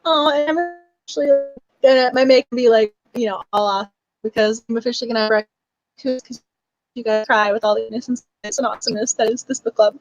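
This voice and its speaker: A young woman with a high, bright voice hosts a book club livestream, chatting in a warm, gushing way. She sounds close and dry, with no room behind her. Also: brisk, no room sound, poor audio. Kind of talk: casual livestream chat.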